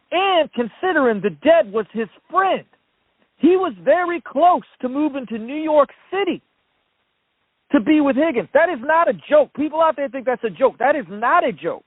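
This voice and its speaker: A man's voice: very high voice, dry recording. A male caller on a call-in show delivering a furious, profane rant. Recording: dry phone line.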